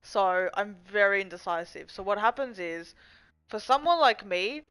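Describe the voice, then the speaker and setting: A woman's voice: medium pitch, expressive, moderate pace, fairly bright tone, clear, resonant tone, rough recording. A young woman rambling casually and swearing freely as she answers chat on her live stream from home. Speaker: livestream host.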